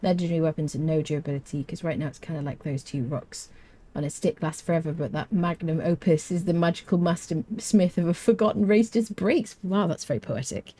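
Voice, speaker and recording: A woman giving chatty, animated live commentary while she plays a video game. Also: low-pitched, brisk. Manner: chatty, animated, talks to chat and her cat. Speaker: game streamer. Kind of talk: live let's play commentary.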